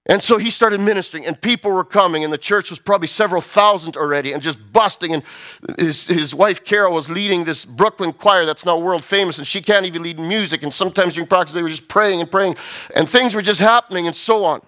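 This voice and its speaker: A man preaching a sermon, telling a story in an animated way and acting out the voices. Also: high-pitched, quick pace.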